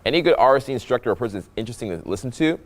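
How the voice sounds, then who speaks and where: A young man talking as a dating coach over his own footage, animated and playful, deliberately swinging his voice between loud and soft. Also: medium pitch. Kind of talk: voice-over commentary on infield footage.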